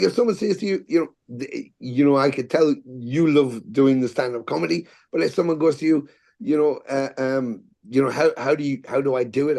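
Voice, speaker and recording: A middle-aged man, a podcast guest telling stories in a casual, animated way, swearing freely and acting out quotes. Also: fairly high pitch, vocal fry. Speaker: podcast guest, musician and actor. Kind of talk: casual storytelling interview.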